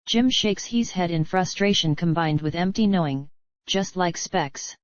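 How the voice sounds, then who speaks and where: Slow woman reading a screenplay aloud. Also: on the low side, dry recording. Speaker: reader. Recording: dull lo-fi dry recording.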